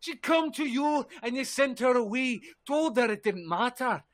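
A man playing a gruff, grieving lumberjack in his fifties who snaps at strangers. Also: very high-pitched, animated, normal speed. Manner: bitter, snapping, defensive.

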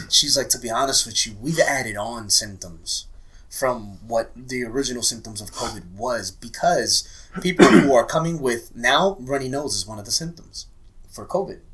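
A man in casual chat, retelling conversations in a relaxed, slangy way. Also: medium pitch, poor audio. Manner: storytelling, slangy.

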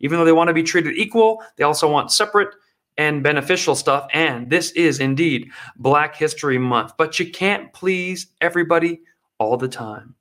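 A man with a fairly high speaking voice hosts his own commentary show. He reacts to news stories with sarcasm and emphasis. He speaks directly to the people watching. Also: normal speed, fairly bright tone.

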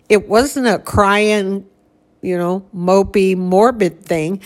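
An older woman casually reminiscing about her late mother, laughing now and then as she talks. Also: on the low side. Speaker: grieving daughter recalling her mother. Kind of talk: casual conversation.

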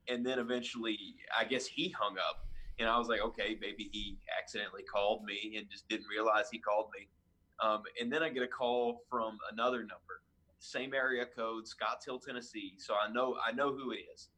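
A man's voice: fairly low pitch, moderate pace. A man, a youth minister, casually telling a story with lots of fillers and restarts. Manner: chatty, animated retelling with fillers and restarts.

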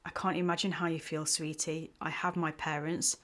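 A woman voicing a caring young woman in a storybook romance, gentle and concerned. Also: sits low, level tone, moderate pace. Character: caring, warm-hearted young woman friend.

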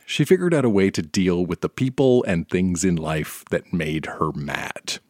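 A man's voice: low-pitched, animated, measured pace, darkish tone, dry recording, clean studio sound, soft background music. A man hosting the show, telling the story that sets up the guest's reading. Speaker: host. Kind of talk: scripted narration.

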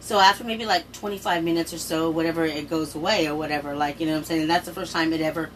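A middle-aged woman rattles through a personal story at a quick clip, animated and profane. She sounds a little distant from the mic, with faint room noise behind her. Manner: animated, jumps high in pitch when quoting people, swears freely. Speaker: storyteller recounting a personal experience. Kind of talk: casual storytelling.

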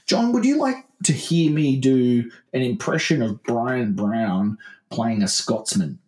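A man in casual comedic banter, his voice swinging up and down with animated energy. He sits at a middling pitch for a man and keeps dropping into playful little character voices as he goes. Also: reverberant. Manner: bantering, breaks into quick silly character voices. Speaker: podcast co-host.

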